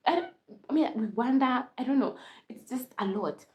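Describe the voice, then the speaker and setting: Animated young Kenyan woman telling a story. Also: high-pitched, moderate pace, highs cut off. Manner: animated, mixes Swahili and English, laughs often. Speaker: vlogger. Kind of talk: casual storytime.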